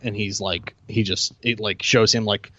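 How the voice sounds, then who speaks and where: A man co-hosting a film podcast, talking loudly and haltingly with repeated words. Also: lowish voice, fairly even intonation, no room sound, lo-fi sound. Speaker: podcast co-host. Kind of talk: casual film review chat.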